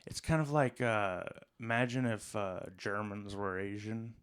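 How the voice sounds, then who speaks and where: A young adult man co-hosting a podcast, chatting casually and jumping in with quick one-liners. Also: fairly low pitch, clean tone. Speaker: podcast co-host. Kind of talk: casual chat.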